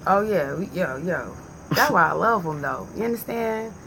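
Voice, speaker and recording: A woman vlogging in a casual, animated and profane way, joking as she compares tea bags to camera. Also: on the low side, normal speed, a little hiss or hum. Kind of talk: casual chat.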